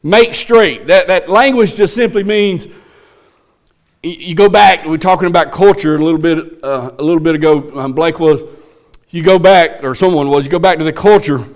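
A man's voice: on the high side, normal speed. A man preaching a sermon, moving from folksy asides to emphatic proclamation. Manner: folksy, teasing a colleague.

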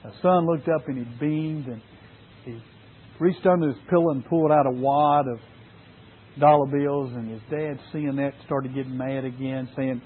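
Preacher man, earnest sermon, high husky voice, tinny phone-line sound. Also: steady tone, normal speed. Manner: earnest, emphatic repetition.

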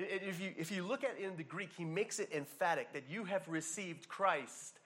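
A pastor with a high, fairly bright voice preaches a sermon emphatically, hammering single words. He often restarts and acts out asides.

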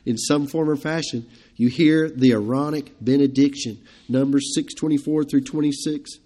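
A man's voice: fairly high pitch, moderate pace, few pauses, a little mellow. A man preaching an evening sermon to his congregation in a conversational, emphatic way. He chuckles between points and asks his listeners questions. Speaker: pastor.

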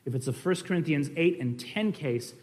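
Earnest, fairly high-voiced male preacher. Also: normal speed. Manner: earnest, conversational, with fillers and restarts; swings between emphatic and quiet. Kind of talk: sermon-style Bible teaching.

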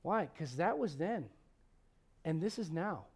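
Man, pastor, high-pitched voice, conversational sermon, humorous, loud emphasis then quiet asides. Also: sing-song, a little slow, slightly rough. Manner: humorous, asks the congregation questions.

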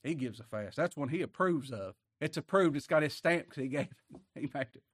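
An older man preaching a sermon, swinging from hushed words to loud emphatic passages. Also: mid-range voice, moderate pace, no echo, clean studio sound. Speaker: pastor.

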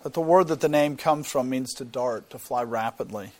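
A man's voice: mid-range voice, moderate pace. A man teaching a Bible sermon, explaining things earnestly and often repeating words as he thinks. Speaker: preacher.

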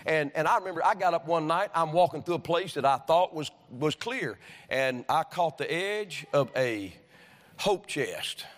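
Man, high voice, pastor, folksy storyteller turned fervent preacher; church hall with long reverb. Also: expressive, normal speed. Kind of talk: sermon. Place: church sanctuary.

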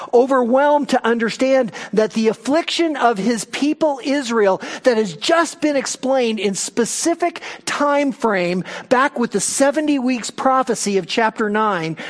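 A man preaching an expository Bible sermon as a pastor, teaching emphatically and asking rhetorical questions. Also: high voice.

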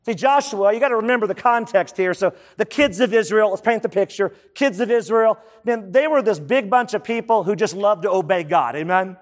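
High-voiced preaching man. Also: fairly quick, few pauses. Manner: preacherly, emphatic, asks the congregation questions. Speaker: pastor. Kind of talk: sermon.

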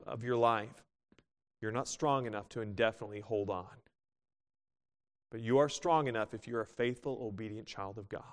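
A male pastor with a medium-pitched voice preaches a sermon, swinging from loud exclamations to quiet asides and reading scripture in older biblical wording. The recording carries a long hall reverb.

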